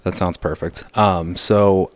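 A man's voice: low voice, fairly even intonation, takes it slowly, no room sound. A young man co-hosting a casual podcast, rambling onto tangents and interrupting himself. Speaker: podcast co-host.

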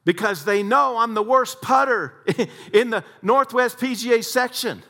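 A man's voice: very high-pitched, unhurried, bright, forceful tone, pitched above the performer's own voice, heavily acted. A man voicing an eager middle-aged golf pro who talks in a raised, pleading, earnest way.

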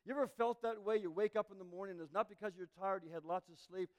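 A male pastor preaching a sermon with passion, building to emphatic peaks and dropping to a near hush. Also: sits high, fast.

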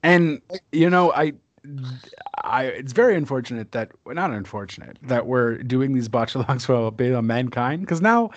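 A man's voice: medium pitch, expressive, normal speed, no echo, highs cut off. A man from Canada co-hosting a casual wrestling watch-along podcast, joking and laughing often. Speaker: podcast co-host.

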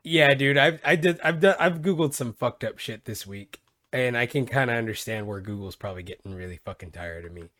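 A man hosting a podcast, joking and swearing in loose, animated banter. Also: mid-range voice, a little fast, no room sound. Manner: animated, profane, jokey. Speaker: podcast host. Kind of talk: casual podcast chat.

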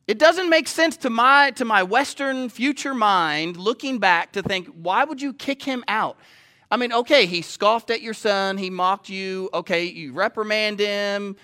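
Pastor, male, high bright voice, chatty sermon on stage, keeps checking in with the crowd. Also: measured pace, hardly any pauses, smooth. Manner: conversational, asks the audience questions often. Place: stage before a live audience.

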